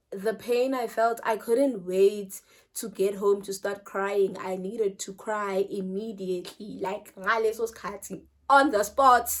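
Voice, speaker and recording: A young South African woman tells a story to her channel in an animated, chatty way. Her voice sits at a middle pitch, jumps up loud for emphasis and drops to near-whispers as she trails off. She drops local phrases into her talk with ease. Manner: animated, mixes in Zulu phrases, loud bursts then trails off quietly. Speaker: vlogger. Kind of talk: casual storytime.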